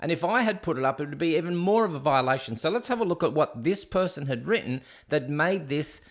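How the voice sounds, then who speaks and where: Hosting a laid-back livestream on his own, this middle-aged Australian rambles, cracks jokes, and reads out comments from viewers. His voice sits on the high side, expressive and brisk.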